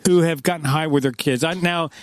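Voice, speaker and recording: A man's voice: on the high side, steady tone, fairly quick, smooth, no room sound. A man in his fifties, co-hosting a podcast, tells loose rambling stories in casual chat and acts out the quotes. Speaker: podcast co-host.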